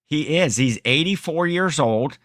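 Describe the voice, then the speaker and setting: A man's voice: a little high, expressive, a little slow, fairly bright tone, no echo, clean studio sound. A middle-aged man co-hosting a podcast in casual chat, rambling, self-correcting and laughing often. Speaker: podcast co-host.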